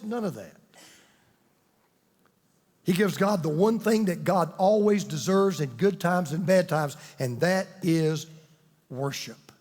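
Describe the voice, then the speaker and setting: A male pastor preaching with emphatic, drawn-out delivery and dramatic pauses. His voice sits notably high for a man. It rings out through a large hall with a long reverb tail. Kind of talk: sermon.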